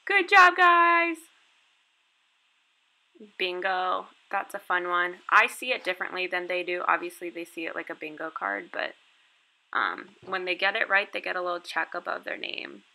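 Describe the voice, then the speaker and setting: A woman's voice: lowish voice, normal speed, gravelly, sharp tone, poor audio. A woman who teaches English online, giving a chatty step-by-step walkthrough of her lessons over a screen recording. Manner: chatty, explaining step by step with casual fillers. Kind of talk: casual screen walkthrough tutorial.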